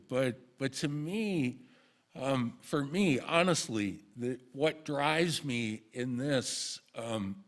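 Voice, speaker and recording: Middle-aged guy telling his own story to a crowd, earnest, stops and restarts a lot, average pitch. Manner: earnest, halting, with many restarts and soft laughs. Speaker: speaker at a community celebration. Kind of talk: personal story told to an audience.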